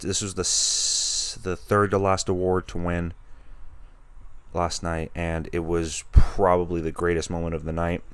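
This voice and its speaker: A man's voice: deep voice, dry recording. A man hosting a podcast, chatting casually and rambling with many restarts as an enthusiastic film fan. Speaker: podcast host. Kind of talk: casual chat.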